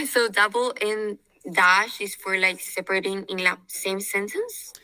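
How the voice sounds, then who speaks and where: Bright-voiced female student, dry sound. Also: mid-range voice, measured pace, no room sound, rough recording. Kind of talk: reading aloud and answering in a lesson.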